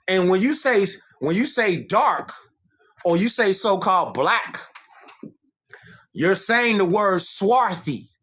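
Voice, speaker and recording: Male livestream host; slow, lively, preachy lecturer who reads passages aloud. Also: high-pitched. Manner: preachy, repeats points for emphasis, reads from screen. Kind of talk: livestream monologue lecturing on history.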